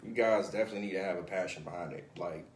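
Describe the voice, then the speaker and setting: A man speaking as a guest on a casual talk show, animated and earnest, with frequent restarts and "you know". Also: low voice, rapid-fire. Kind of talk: casual chat. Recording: echoey room, faint noise.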